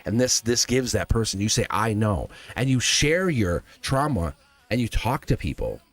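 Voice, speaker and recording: A man's voice: on the low side, big pitch swings, normal speed. A man giving a live tarot reading, speaking earnestly and emphatically straight to the viewer. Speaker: tarot reader.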